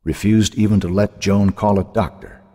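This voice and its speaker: A man narrating a dark novel in an intense, expressive audiobook reading. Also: lowish voice, moderate pace, no room sound, clean studio sound.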